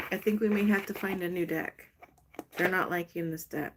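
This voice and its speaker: A woman's voice: lowish voice, fairly even intonation, normal speed, background noise. A woman hosting a casual live stream, chatty and gushing as she pulls cards for a viewer. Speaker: live stream host doing card readings.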